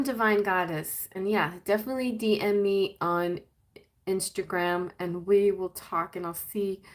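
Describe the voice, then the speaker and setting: A woman hosts a casual live-stream tarot reading and talks to her viewers as she goes. Her speech is chatty and rambling, full of restarts and small laughs. Now and then she slips into a playful sing-song voice. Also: medium pitch.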